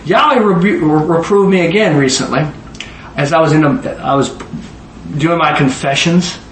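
A man in his forties preaches with a fairly high, animated voice. He keeps throwing questions out to the room, and his voice is caught from some distance in a roomy, echoing space with faint background ambience. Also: normal speed, slight background noise. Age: 40s. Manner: animated, conversational, asks the audience questions. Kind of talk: sermon. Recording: roomy echo, voice from far off.

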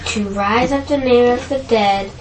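Woman, slightly higher voice, slow reader, scripture aloud, distant from mic, echoey room, faint hiss. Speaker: study group member reading scripture.

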